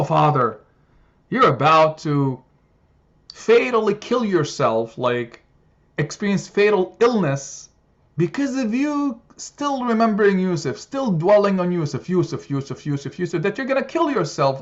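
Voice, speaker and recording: A man's voice: high-pitched, very animated, a little slow, heavily acted. Cruel grown sons taunt their aging father in a needling, mocking tone, acted out by a male teacher. The voice is lifted and pointed, and the recording sounds somewhat muffled.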